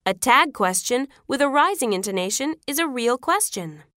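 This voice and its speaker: A woman reading out classroom phrases as a pronunciation teacher, clear and deliberate. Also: high-pitched, lively intonation, sharp tone, dry recording, studio quality.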